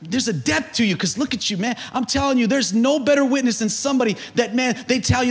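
A man preaching a sermon as pastor, building to shouts and joking with the congregation, calling out questions for them to answer. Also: extremely high pitch, a little fast, hardly any pauses, soft background music. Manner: preaching with rising shouts and humor, call-and-response.

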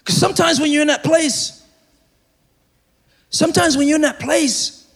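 A man preaching a sermon to a congregation, swinging between loud shouted lines and quiet asides, and repeating phrases for emphasis. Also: very high voice, moderate pace, vocal fry. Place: church service before a congregation.

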